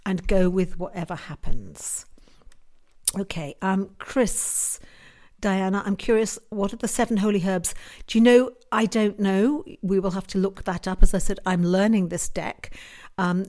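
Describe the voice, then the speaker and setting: A woman's voice: mid-range voice, a little mellow. A woman giving tarot card readings on a live stream, earnest and musing, with hesitant restarts as she answers viewer comments. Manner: reads viewer comments aloud and answers them.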